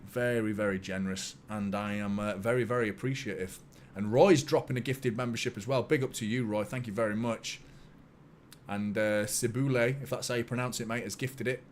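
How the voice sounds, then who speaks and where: Excitable football fan streaming. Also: male voice, medium pitch, slight background noise. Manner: excitable, swears, jokes with chat. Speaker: watchalong host. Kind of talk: live football watchalong commentary.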